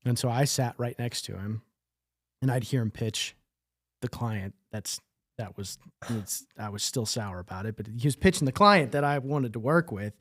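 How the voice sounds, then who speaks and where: Guy telling a lively sales story, mid pitch, dry close mic. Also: moderate pace, no room sound. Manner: animated storyteller with laughs. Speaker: business development manager. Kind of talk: casual podcast chat.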